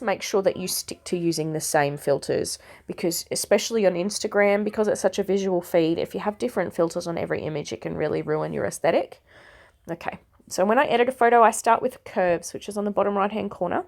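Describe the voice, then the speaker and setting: Croaky woman with a gravelly voice. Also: mid-range voice. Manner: chatty and self-deprecating, explaining step by step. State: croaky from a cold. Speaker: photography tutorial host. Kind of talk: casual screen-recorded tutorial.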